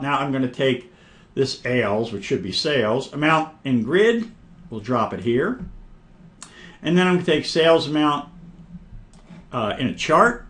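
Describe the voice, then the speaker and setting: A man giving a casual, step-by-step software demonstration, narrating each click and often clearing his throat. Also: medium pitch. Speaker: software instructor. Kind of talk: screen-recorded software demonstration.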